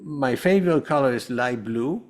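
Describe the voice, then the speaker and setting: A man's voice: medium pitch, animated, moderate pace. Earnest man rambling through a personal story. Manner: earnest, rambling, many restarts. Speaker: guest, holistic health coach.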